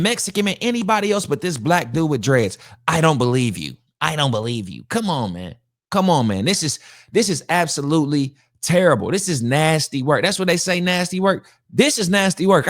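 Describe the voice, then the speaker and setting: A man hosting a podcast, giving casual reaction commentary in an animated, slangy, emphatic way, often repeating lines for effect. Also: on the high side, dry recording, studio quality. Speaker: podcast host reacting to a video.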